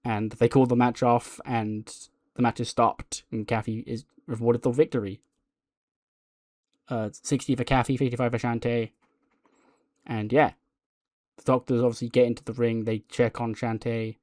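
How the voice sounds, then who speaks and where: A man's voice: mid-range voice, flat delivery, normal speed, a little mellow, dry recording. Man, casual game narration, rambling, laughs, dry close sound. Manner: rambling, laughing, lots of fillers. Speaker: game streamer.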